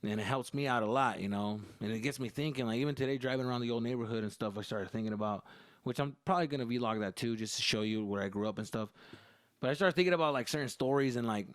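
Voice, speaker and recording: A man from Arizona, a comedian, telling profane, animated stories in a casual podcast monologue. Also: mid-range voice, quick pace, dry recording, clean studio sound.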